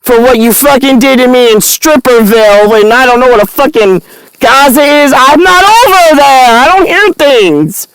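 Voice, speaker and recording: A woman's voice: sits high, expressive, normal speed, smooth, no echo, poor audio. A woman delivering a rambling, angry, profane monologue to the camera.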